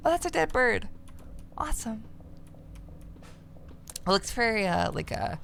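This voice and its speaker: A woman's voice: fairly high pitch, sing-song, measured pace, vocal fry, long pauses, fairly bright tone, a little hiss or hum. A young woman streaming a game, reading its text aloud and joking about it in a sardonic way, sometimes slipping into mock announcer voices.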